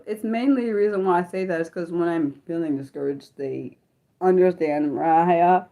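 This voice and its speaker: A woman's voice: medium pitch, darkish tone. A young woman hosting an unscripted livestream, chatting in a rambling way with lots of filler words. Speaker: livestream host.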